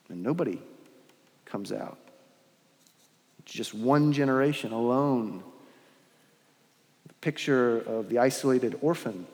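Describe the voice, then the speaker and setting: A man preaching a sermon in a measured, earnest way, with pauses and restarts, in a large church. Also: medium pitch. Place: large church with long reverb. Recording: long hall reverb.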